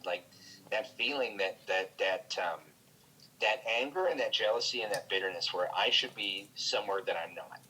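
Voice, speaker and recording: A man's voice: on the low side, bright, forceful tone, slightly rough, rough recording. A man, a guest comedian, talking candidly in casual chat, swearing freely and restarting his sentences often. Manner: candid, profane, halting with many restarts. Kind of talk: casual chat over a call.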